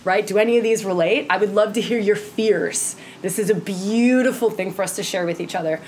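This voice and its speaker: A woman's voice: medium pitch, a little hiss or hum. A woman teaching tantra to a group in an impassioned way, often checking in with "right?" and acting out quoted voices.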